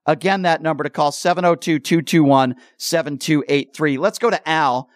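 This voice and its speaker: Blunt, high-voiced radio host man. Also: moderate pace, no room sound, studio quality. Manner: blunt, argumentative. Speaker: radio talk show host. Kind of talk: call-in radio talk.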